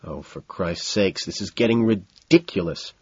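A man's voice: sits low, a little slow, darkish tone, slightly rough, dry recording. A man voicing a bored, sneering rich young man who talks in a dry, scornful way, on a dull lo-fi recording.

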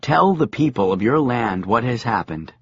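A calm, gentle messiah, as a male reader plays him, quiet and measured. His tone is slightly husky and the audio is a little dull. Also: medium pitch, dry recording. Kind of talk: audiobook character voice.

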